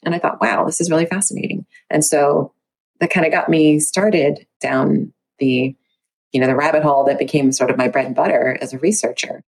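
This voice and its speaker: Low husky-voiced woman, reflective guest. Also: normal speed. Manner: reflective, acts out her own inner dialogue with animated pitch lifts. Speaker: researcher and podcast guest. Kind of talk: candid conversational interview.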